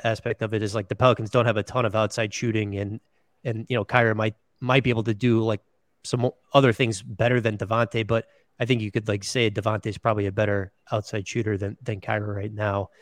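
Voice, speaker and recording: A man's voice: medium pitch, dry recording, clean studio sound. A man, a sports beat writer, answering questions in a casual podcast interview, often hedging with "you know, like".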